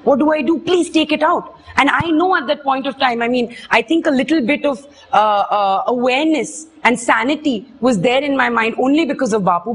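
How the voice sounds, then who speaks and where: A young woman, earnestly retelling a personal experience in halting, emotional speech. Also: sits high, slightly rough. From India. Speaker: witness giving testimony. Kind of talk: personal testimony.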